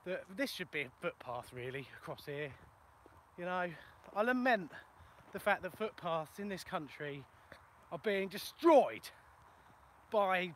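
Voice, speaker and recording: A plumber with a high-pitched, somewhat bright voice chats casually on a phone live video while walking across a ploughed field in the countryside. He jokes about himself and answers viewers' questions, and a little hiss or hum is audible.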